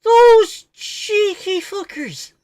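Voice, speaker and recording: A man's voice: very high voice, lively intonation, drawn-out words, darkish tone, pitched above the performer's own voice, heavily acted. A man putting on an exaggerated, mocking Irish accent as a cheeky Irish man. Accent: Irish (put on).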